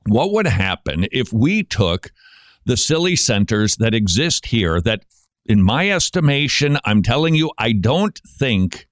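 A man hosting a Christian radio show, giving sarcastic commentary and breaking into mocking shouted impressions. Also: mid-range voice, no room sound, clean studio sound.

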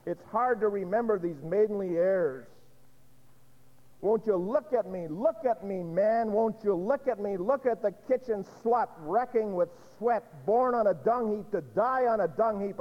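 A man's voice: sits high, pitched above the performer's own voice. A man voicing a bitter, defiant young kitchen maid in a recited dramatic monologue. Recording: dull echoey hall recording.

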